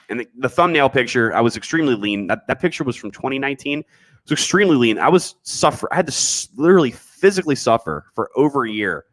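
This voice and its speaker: A man's voice: on the low side, a bit bright. A man hosting a casual livestream podcast, reading chat messages and answering them bluntly, with frequent restarts and slang.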